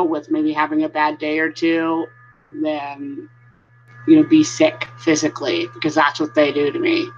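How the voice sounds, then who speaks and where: Bright-voiced woman chatting on a live stream. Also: low voice. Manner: chatty, greets viewers by name. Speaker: vlogger hosting a live stream. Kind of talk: casual live-stream chat. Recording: dull lo-fi sound.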